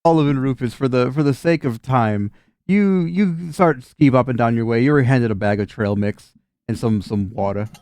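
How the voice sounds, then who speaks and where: A man's voice: medium pitch, normal speed, a little mellow, smooth, no room sound. Man, game master, casual swearing narration, dry close sound. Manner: casual, laughing, swears often, many fillers.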